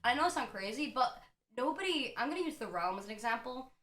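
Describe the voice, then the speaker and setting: A woman's voice: on the high side, lively intonation, fast, a bit bright, reverberant. A woman guest on a casual podcast, chatting with a lot of energy, swearing and laughing often.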